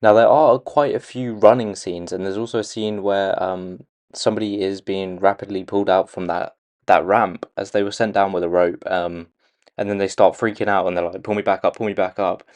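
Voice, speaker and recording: A man casually breaking down a movie trailer for his channel, pausing often with "um"s and restarting his sentences. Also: sits low, steady tone, darkish tone. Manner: hesitant, many "um"s and restarts. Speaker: video creator analysing a movie trailer. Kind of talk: casual commentary.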